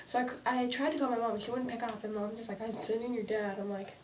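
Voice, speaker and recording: A young woman vlogging an emotional rant about her own anxiety, halting and restarting often as she speaks. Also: steady tone. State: anxious. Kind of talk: emotional personal vlog rant. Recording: distant mic with faint rumble.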